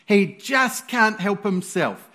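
A male preacher with a high voice delivers a sermon at a slow, unhurried pace. His manner is animated and playful, and he breaks into sudden loud exclamations.

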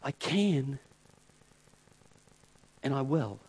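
A calm, resolute God speaks low and soft, as a preacher puts him on, slowly and deliberately. The voice sits well beneath the man's usual register and drops almost to a hush. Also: husky, full character voice. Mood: calm resolve. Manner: quiet, slow and unhurried, deliberately lowered. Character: God, calm and firmly resolved male deity.

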